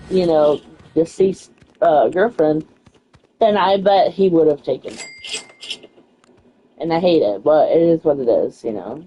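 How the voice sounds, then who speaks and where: A woman's voice: lowish voice, lo-fi sound. A young woman telling a story in a casual, frustrated way, swearing freely and saying "you know" a lot. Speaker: streamer.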